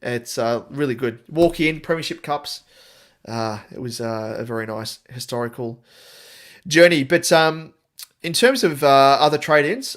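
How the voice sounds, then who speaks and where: A man's voice: medium pitch, a bit bright. An Australian man co-hosting a casual sports podcast, chatting in a rambling way and laughing often. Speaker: podcast co-host. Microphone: podcast mic, on camera.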